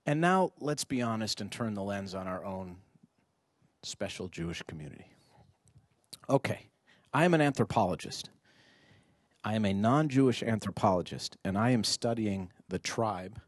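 Speaking at a moderate pace with long pauses, a middle-aged man with a lowish voice is heard in a dry recording. His rhetorical, animated talk to parents indoors involves back-and-forth with the audience and acted-out snippets of dialogue.

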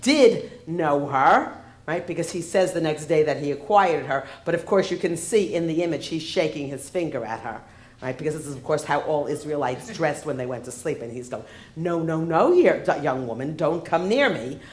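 A woman lecturer with a lowish voice, wry and playful. She keeps checking in with her audience through rhetorical questions. Her voice carries a roomy echo from the lecture hall. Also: moderate pace. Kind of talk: humorous lecture.

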